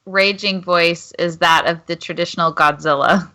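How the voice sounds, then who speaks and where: A woman's voice: fairly low pitch, fairly even intonation, normal speed, pushed and bright. A woman playing a tabletop game, chatty and hesitant, checking rules with lots of ums. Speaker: player. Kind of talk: casual tabletop play.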